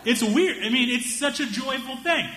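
Bright-voiced man telling a comic story. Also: very high-pitched, normal speed, slight background noise. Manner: animated, acts out voices of friends and strangers. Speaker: stand-up comedian. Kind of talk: stand-up storytelling.

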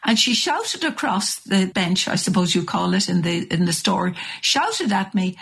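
An older Irish woman telling a story with lively, animated delivery in a radio interview. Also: lowish voice, a little slow, gravelly, few pauses, husky. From Ireland. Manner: animated storyteller, restarts and acts out voices. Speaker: guest.

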